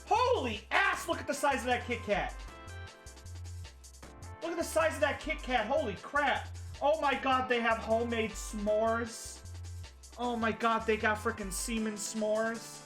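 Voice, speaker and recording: A live streamer giving casual reaction commentary, excitable, gushing loudly and then trailing off into mumbles. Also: medium pitch, a little slow. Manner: excitable, swings between loud gushing and mumbling. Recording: clear music under the voice. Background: background music.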